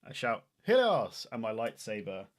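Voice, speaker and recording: Animated, joking man playing a tabletop game. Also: medium pitch, measured pace. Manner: animated and joking, talks over himself. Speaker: player. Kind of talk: casual chat during a tabletop game.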